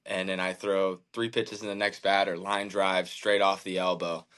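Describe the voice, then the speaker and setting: A man's voice: sits low, little pitch movement, fairly bright tone, clean tone. Earnest man telling a hard story. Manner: earnest, halting, many fillers and restarts; emotional, reflective faith talk. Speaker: podcast guest, baseball pitcher. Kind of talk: candid personal storytelling.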